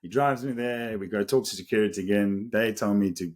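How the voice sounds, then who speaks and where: A podcast co-host from South Africa, a man in his thirties, talks a little quickly with a fairly low voice. His storytelling is casual and lively, punctuated by frequent laughter.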